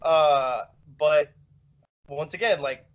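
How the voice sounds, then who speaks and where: A man's voice: a little high, slow. A man co-hosting a casual podcast chat, rambling with many fillers and restarts. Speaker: podcast co-host. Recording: dull lo-fi podcast audio.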